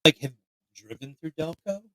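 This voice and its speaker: A man from the area, hosting a casual podcast chat in a profane, rambling, animated way. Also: fairly high pitch, moderate pace, no echo, rough recording. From Philadelphia area, US. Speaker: podcast host.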